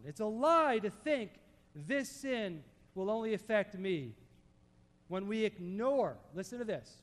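A man preaching a sermon, emphatic, dropping to soft low tones to stress a point. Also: long reverb tail. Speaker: pastor.

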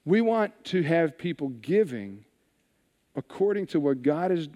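A man preaching a sermon, telling a scripture story with animated retellings and hushed asides. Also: a little high, unhurried, big-room sound, lo-fi sound. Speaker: pastor.

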